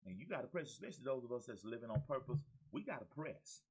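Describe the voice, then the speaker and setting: A man's voice: mid-range voice, big pitch swings, quick pace, few pauses, darkish tone, slightly rough, low-quality recording. A man, hosting his own show as a motivational coach. He talks with exuberant energy, repeats his key phrases and calls out to his listeners like a preacher. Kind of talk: energetic motivational talk to camera.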